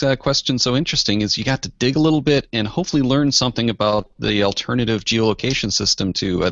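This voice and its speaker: A man's voice: mid-range voice, no echo. A man co-hosting a casual podcast, talking easily with lots of fillers. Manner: relaxed, frequent fillers. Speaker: podcast co-host. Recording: dull lo-fi podcast audio.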